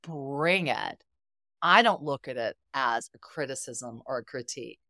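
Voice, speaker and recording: Speaking at a measured pace with lively intonation, this middle-aged woman has an extremely low voice with a pushed, bright quality. She's a therapist guesting on a podcast, telling stories expressively and acting out what people said. The studio sound is clean, with no room sound.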